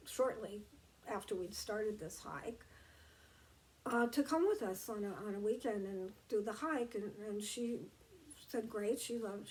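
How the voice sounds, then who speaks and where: A woman giving a reflective motivational talk, gentle and meandering, with many fillers and restarts. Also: medium pitch, slight background noise, poor audio.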